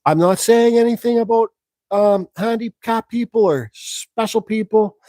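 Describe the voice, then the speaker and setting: A man with a fairly high voice rambles through a story on a live stream, frank and loose with his swearing. The sound is close and dry, with no room around him. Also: unhurried, dark tone, no echo, poor audio. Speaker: woodcarving channel host.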